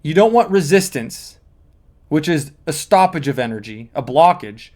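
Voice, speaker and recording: A man's voice: on the high side, animated, normal speed, darkish tone. A man speaking as a manifesting coach, explaining step by step in an earnest teaching monologue with repeated emphasis.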